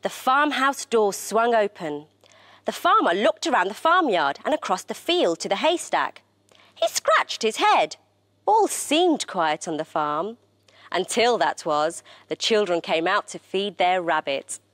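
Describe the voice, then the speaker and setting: A woman presenter reading a children's story aloud in an expressive, animated way. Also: medium pitch, measured pace, dry recording.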